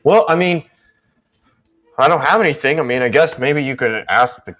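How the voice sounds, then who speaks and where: Actor plays a cocky, rambling ship's chef, voice pitched a touch up. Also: male voice, lively intonation, normal speed, fairly bright tone, close to an everyday voice. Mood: boastful. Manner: rambling, hesitant restarts.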